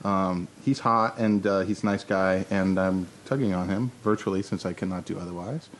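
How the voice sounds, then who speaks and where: A man's voice: low voice, fairly even intonation, moderate pace, slight background noise. A man co-hosting a podcast in casual chat, rambling and trailing off, laughing often. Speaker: podcast co-host.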